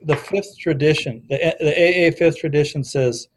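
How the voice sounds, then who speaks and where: Man, higher-pitched, thoughtful talker who quotes texts from memory. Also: moderate pace, a little hiss or hum. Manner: thoughtful, quotes literature from memory, frequent restarts. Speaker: discussion guest on recovery history. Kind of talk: casual conversation.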